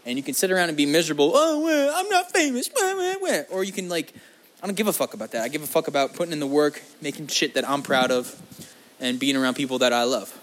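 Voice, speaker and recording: A man's voice: a little high, quick pace, a bit bright. A young man talking straight to his audience in a loose, wandering monologue. He swears constantly, cracks crude jokes and drifts from one tangent to the next. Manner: crude, profane and jokey, wandering off topic. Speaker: vlog host. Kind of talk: rambling casual monologue.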